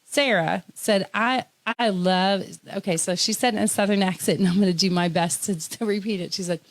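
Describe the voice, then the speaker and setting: A woman's voice: mid-range voice, brisk. Chatty laughing woman host. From Tennessee. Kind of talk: casual interview chat.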